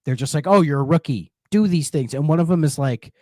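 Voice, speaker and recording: Guy cohosting a podcast, lively up-and-down voice, rambly, super dry close mic. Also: on the high side, a little fast, dry recording. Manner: rambling, many restarts and fillers. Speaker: podcast co-host. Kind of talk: casual podcast chat.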